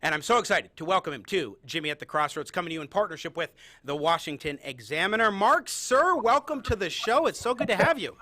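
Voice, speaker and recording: A man's voice: high-pitched, lively intonation, fast, hardly any pauses, bright, forceful tone, dry recording. A young adult man hosting a talk show in an upbeat, enthusiastic way. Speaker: host.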